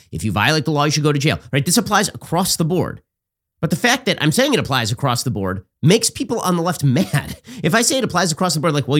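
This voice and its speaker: A man hosting a political commentary show, talking in a sarcastic, rapid-fire, mocking way. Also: fairly high pitch, a bit bright.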